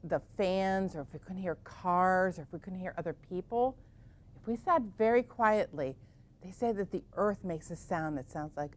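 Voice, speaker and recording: A woman teaching yoga to children in a gentle, encouraging way, asking them lots of questions. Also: fairly low pitch.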